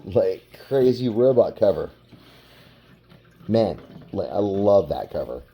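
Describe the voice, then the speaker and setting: A man hosting a casual collection vlog, relaxed and rambling, with lots of "like". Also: low voice, slow pace, breathy edge, lo-fi sound. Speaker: comic book collector.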